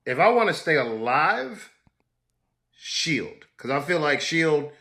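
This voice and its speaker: A middle-aged actor, a guest in a casual interview, tells a story in a bright, forward voice, taking it slowly. Animated and loose, he throws himself into quotes, leaping high and low in pitch to act out each person.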